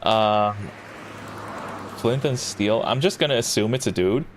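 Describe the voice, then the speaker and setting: A man's voice: fairly low pitch, unhurried. A man casually commentating as he plays a game, rambling and interrupting himself with short chuckles. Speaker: gameplay commentator. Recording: audible background noise.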